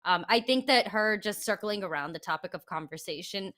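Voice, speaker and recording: A woman's voice: medium pitch, animated, a little fast, pushed and bright. A woman co-hosting a casual celebrity news chat, upbeat and chatty, laughing often. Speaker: co-host.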